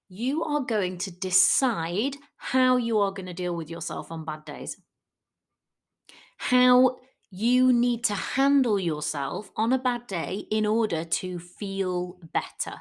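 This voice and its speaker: A woman coach talks through her podcast episode in a chatty, informal way. Her voice sits at a middle pitch. She slips into lively put-on voices when she quotes people. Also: takes it slowly. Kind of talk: solo podcast coaching talk.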